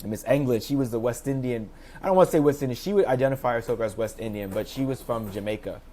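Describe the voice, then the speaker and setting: Man, thirties, guest teacher, casual storytelling, animated quoting, mid pitch, video call. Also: fast. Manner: animated, acts out quoted voices with pitch jumps.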